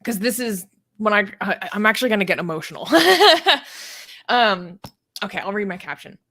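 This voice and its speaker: A woman's voice: medium pitch, fast, bright, forceful tone. A woman hosting a casual online chat, speaking in an earnest, heartfelt way with many filler words. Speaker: host, leader of an atheist community.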